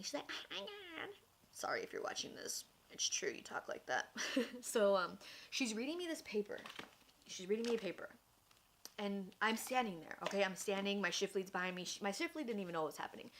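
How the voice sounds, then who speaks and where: A woman's voice: mid-range voice, fairly bright tone. Chatty young woman telling a story. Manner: chatty, lots of "like", acts out quotes. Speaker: vlogger. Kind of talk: casual storytelling. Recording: faint background noise.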